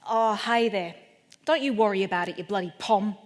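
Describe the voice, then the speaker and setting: A woman putting on an Australian accent to voice a blunt, matey male builder in a comedy routine, with gruff, plain-spoken humor. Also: mid-range voice, moderate pace, natural voice. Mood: reassuring. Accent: put-on Australian. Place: event venue in London. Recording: echoey hall at a live event.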